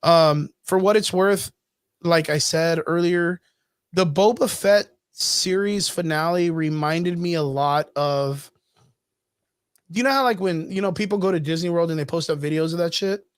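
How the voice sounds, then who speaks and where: A man co-hosting a casual podcast chat, animated and profane, acting out scenes in quick put-on voices. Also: a little high, clean tone, no room sound, clean studio sound. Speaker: podcast co-host.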